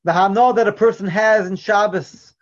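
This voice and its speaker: A man delivers an earnest Torah lecture with a fairly high voice, often sinking to a quiet, soft delivery as he makes a point. The recording is dull and lo-fi, with little crispness. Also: fairly even intonation, normal speed. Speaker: Torah teacher. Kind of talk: religious lecture with storytelling.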